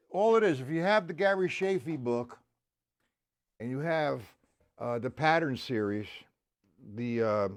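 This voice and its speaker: A man teaching a live-streamed drum lesson in a casual way. He greets viewers by name and counts beats aloud. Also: a little high. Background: drums and music.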